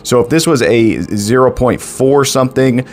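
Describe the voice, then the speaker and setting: A man's voice: mid-range voice, moderate pace, faint music behind. A man hosting a casual home vlog, reviewing coffee with upbeat enthusiasm and playful asides. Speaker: coffee reviewer and show host. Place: at home, indoors.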